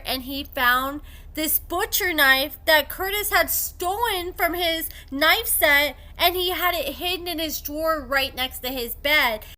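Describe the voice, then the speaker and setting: A woman with a high, bright voice talks into a desk microphone at home. She tells a story in a relaxed commentary style and slips into the voices of the people she quotes. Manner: animated retelling with quoted voices. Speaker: commentary host.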